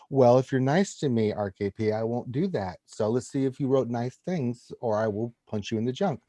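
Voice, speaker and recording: A man's voice: mid-range voice, moderate pace, few pauses, mellow, no room sound. A man co-hosting a casual gaming show, joking and teasing as he reads out viewers' notes. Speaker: co-host.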